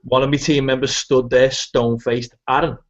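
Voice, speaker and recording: A man's voice: mid-range voice, little pitch movement, moderate pace, dull audio. A man with a Scouse accent, co-hosting a casual online show and signing off with friendly chatter. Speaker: podcast co-host. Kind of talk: casual chat, sign-off. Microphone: video call.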